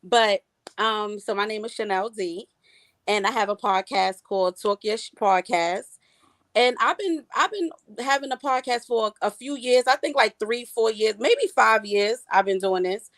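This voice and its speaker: Panel guest: a frank woman with a Brooklyn accent, mid-pitched, dry sound. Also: unhurried, fairly bright tone, dry recording. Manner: frank, laughs easily. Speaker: guest podcaster. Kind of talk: casual panel chat.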